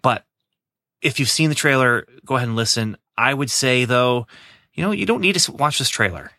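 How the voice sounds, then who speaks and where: A man's voice: mid-range voice, lively intonation, a little fast, bright, forceful tone, dry recording, clean studio sound. A man hosting a casual podcast chat, enthusiastic and chatty, laughing easily as he talks. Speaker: podcast host.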